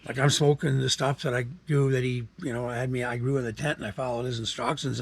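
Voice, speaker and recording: A man's voice: medium pitch, steady tone, a little fast, hardly any pauses, husky. A man, rambling casually to camera in a laid-back vlog chat. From Canada. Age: 60s. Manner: rambling, laid-back, frequent fillers and asides. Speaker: vlogger.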